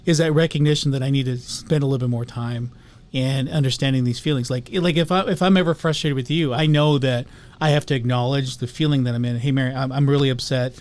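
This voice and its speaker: A man's voice: medium pitch, fast talker, a little mellow. Reflective man co-host of a talk show. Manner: reflective, shares personal stories. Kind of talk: casual spiritual talk.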